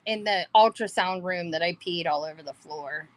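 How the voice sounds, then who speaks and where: A woman's voice: lowish voice, moderate pace. A woman in casual livestream chat, blunt and laughing.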